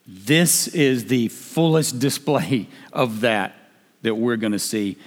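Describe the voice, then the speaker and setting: A man preaching a sermon, emphatic and building to shouts. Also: medium pitch, takes it slowly. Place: church hall. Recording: long hall reverb.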